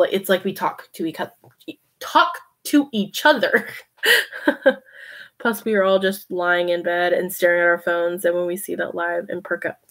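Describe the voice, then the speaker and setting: A woman with a mid-range, slightly bright voice hosts a casual late-night livestream. She chats, reads comments, laughs a lot, and talks to her cat.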